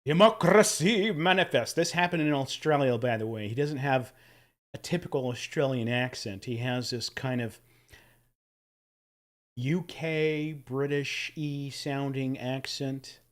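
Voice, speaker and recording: A man's voice: medium pitch, measured pace. A man hosting a casual livestream, chatting enthusiastically and thanking viewers for tips. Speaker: livestream host.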